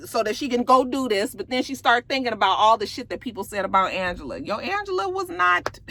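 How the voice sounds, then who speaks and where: A woman giving a casual episode recap, animated and profane, full of sassy asides. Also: mid-range voice, fast talker. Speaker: TV episode reviewer.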